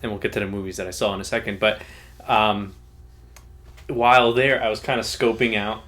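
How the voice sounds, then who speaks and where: A man's voice: lowish voice, fairly quick. Laid-back young man cracking dry jokes. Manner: relaxed, matter-of-fact, wry jokes. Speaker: podcast co-host. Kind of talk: casual chat.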